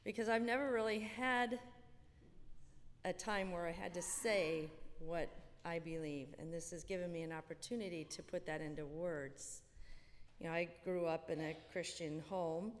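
Low-voiced woman testifying in a hall. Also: fairly even intonation, moderate pace. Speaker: church member giving testimony. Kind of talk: personal testimony. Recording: reverberant hall.

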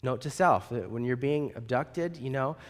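A man, a pastor, preaching a sermon and telling a story in an animated way. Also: medium pitch, moderate pace. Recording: long reverb in a large hall.

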